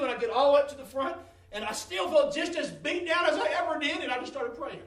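A man giving a preached testimony in church, fervent, swinging from hushed to shouting. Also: very high voice, fast. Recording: echoey room, mic at a distance.

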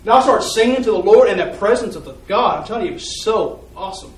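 A man's voice: high-pitched, lively intonation, fast, reverberant, distant mic, poor audio. A man giving a personal faith testimony in a church, telling his story earnestly and ramblingly, often repeating words as he goes.

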